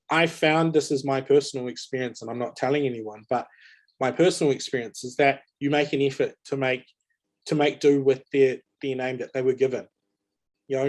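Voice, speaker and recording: A man's voice: mid-range voice, a little mellow. Earnest man moderating a webinar. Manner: earnest, shares personal experience. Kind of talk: moderating a panel discussion. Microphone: video call.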